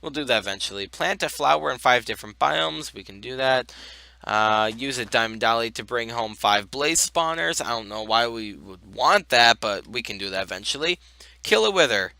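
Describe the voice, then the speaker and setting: A man's voice: mid-range voice, expressive, moderate pace, creaky, sharp tone, dry recording. Tired young man rambling over gameplay. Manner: rambling, lots of uh and um fillers. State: tired, yawning. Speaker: gaming video host. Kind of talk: casual game commentary.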